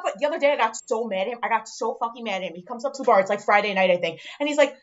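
A woman's voice: fairly high pitch, rapid-fire, few pauses. A woman from Long Island, New York, a bartender telling stories in blunt, sweary casual podcast chat. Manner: blunt, sweary, animated storyteller. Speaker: bartender, guest. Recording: dull lo-fi sound.

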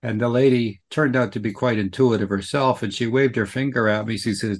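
A man's voice: medium pitch, fairly even intonation, fairly quick, few pauses. A man hosting an interview who affirms his guest and shares a story of his own. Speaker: host. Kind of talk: conversational interview.

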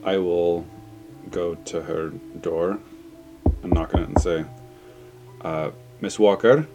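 Deep-voiced, hesitant game player, man. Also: flat delivery, slow, highs cut off. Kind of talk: tabletop game banter. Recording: faint music beneath.

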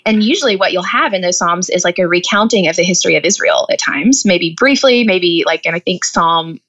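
A woman's voice: fairly low pitch, expressive, fairly quick, a bit bright, muffled recording. A woman author as a guest, explaining with earnest, thoughtful talk and light laughs. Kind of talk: faith-based podcast interview.

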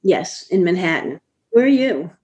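A woman's voice: fairly low pitch, very animated, unhurried, darkish tone. An older woman, a fiction editor, chatting as a guest and laughing often, trailing off and restarting her sentences. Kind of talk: casual interview chat. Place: apartment.

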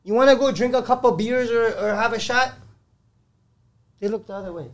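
A man who owns a construction company, telling stories in a lively, profane way on a casual podcast. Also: very high-pitched, a little fast. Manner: animated, profane storytelling.

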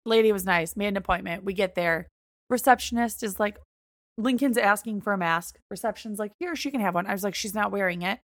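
A woman's voice: mid-range voice, fairly quick, no echo, studio quality. A young woman co-hosting a podcast, retelling a story in casual chat and acting out both sides of the quoted dialogue. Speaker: podcast co-host.

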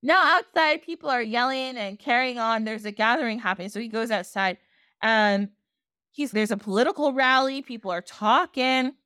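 A woman podcast host retelling a folk tale in casual, animated storytelling, laughing often. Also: a little high, normal speed, clean tone, dry recording, studio quality.

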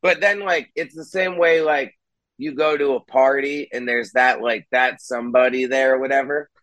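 A man's voice: medium pitch, moderate pace, dry recording, poor audio. Candid, swearing young man musician. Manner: candid, animated, swears freely, acts out quotes. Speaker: podcast host and band musician, guest here. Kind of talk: casual podcast chat.

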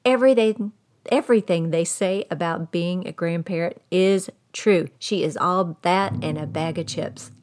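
Woman, Texan accent, middle-aged, folksy and animated, podcast storyteller. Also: fairly low pitch, measured pace. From Texas. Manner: folksy, animated, talks straight to the listeners. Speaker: podcast host. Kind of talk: storytelling monologue.

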